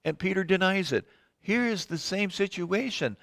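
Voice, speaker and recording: Older man, Bible study teacher, slightly high voice, dry close sound, chatty with restarts. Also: lively intonation, normal speed, creaky, fairly bright tone, no room sound. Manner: conversational, reads scripture aloud and comments, frequent ums and restarts.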